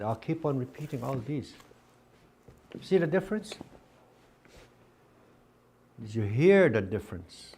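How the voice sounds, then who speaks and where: In this spoken language lesson, a man teaches a Dakota class, patiently repeating words again and again and drilling contrasting word pairs aloud. His voice is medium in pitch, very animated and a little mellow, and he speaks a bit slowly with long pauses over slight background noise.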